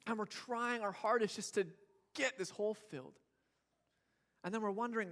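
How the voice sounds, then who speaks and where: A young man with a high, slightly bright voice preaches a sermon to his church congregation as their pastor. He keeps things casual and funny, briefly acting out the voices of struggling people and fussing babies before he lands his point.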